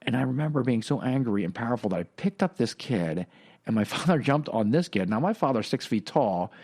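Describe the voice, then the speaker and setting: A middle-aged man hosting a podcast, telling a personal story in a halting, reflective way with many fillers and restarts. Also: mid-range voice, lively intonation, darkish tone. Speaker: podcast host.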